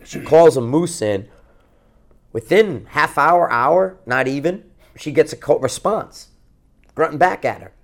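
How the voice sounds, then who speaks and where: A man's voice: on the high side, unhurried, vocal fry, pauses often. A man from Connecticut, a podcast co-host, telling a long outdoor story in a casual, rambling way with plenty of swearing. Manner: rambling, profane, animated anecdote-telling.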